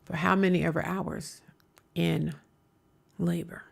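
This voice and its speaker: Gravelly low-voiced woman hosting a stream. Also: flat delivery, slow pace. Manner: emphatic, drops to hushed whispers for drama. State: coughing at times. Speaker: stream host reacting to videos. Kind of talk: casual storytelling commentary.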